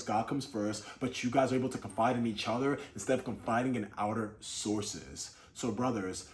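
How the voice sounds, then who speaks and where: A man's voice: medium pitch, darkish tone. Earnest man coaching viewers on relationships. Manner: demonstrates tone of voice in examples. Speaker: Christian dating coach. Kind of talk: motivational talk to camera.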